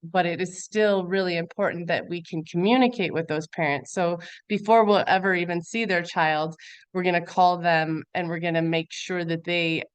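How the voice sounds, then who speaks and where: Brief: woman presenter on a webinar, low smooth voice, dry close sound, earnest and chatty. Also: steady tone, moderate pace, dry recording. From Montana. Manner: earnest, conversational with frequent fillers. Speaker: guest presenter. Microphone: video call.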